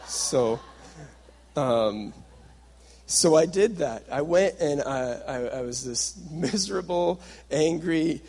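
A young adult man with a fairly high, husky voice gives a sermon-style talk. He tells a personal story and slips into the voices of his past self and the people around him. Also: expressive, takes it slowly, a little mellow. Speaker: workshop speaker.

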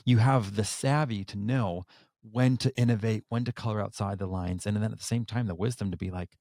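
A man's voice: fairly low pitch, fairly even intonation, fairly quick, mellow, no echo, clean studio sound. A man hosting a podcast interview, effusive and upbeat, filling his speech with "like". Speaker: podcast host.

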